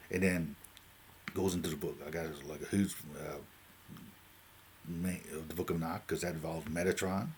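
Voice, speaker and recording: A Newfoundland man in his late forties with a deep, low voice talks unscripted to camera. He rambles from one tangent to the next and keeps checking in with a quick "right?". A faint hiss of noise sits under his voice. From Newfoundland, Canada. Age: 40s. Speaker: vlogger.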